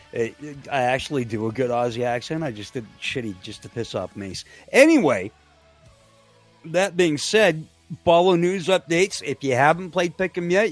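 A man co-hosting a wrestling talk radio show, joking and plugging his social media in casual banter. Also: medium pitch. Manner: animated, jokey self-promotion. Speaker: podcast co-host.

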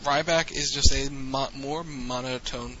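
Bright-voiced chatty man hosting. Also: medium pitch, fairly even intonation, measured pace, highs cut off, slight background noise. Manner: chatty, laughs often, restarts. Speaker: podcast host. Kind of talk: casual chat.

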